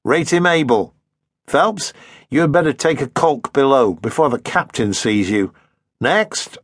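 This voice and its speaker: A man voicing a brisk naval lieutenant calling out clipped orders in an audiobook. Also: mid-range voice, expressive, no room sound, studio quality.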